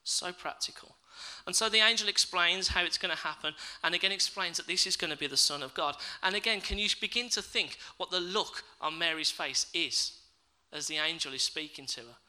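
A man preaches a sermon, reading scripture and then reflecting aloud and putting questions to his listeners. His high-pitched voice is brisk, pushed and bright, with hardly any pauses, and the recording quality is low.

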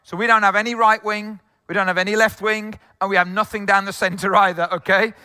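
Male pastor, from England, high bright tone, chatty jokey sermon in a reverberant hall. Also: little pitch movement, a little fast, smooth. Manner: conversational, jokey, many asides.

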